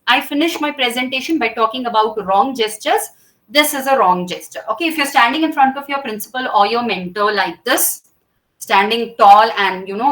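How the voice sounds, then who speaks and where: A woman's voice: fairly high pitch, a bit bright, low-quality recording. A woman teaching students about public speaking gestures, explaining step by step and often checking with "okay?" while she acts out each gesture. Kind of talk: classroom teaching.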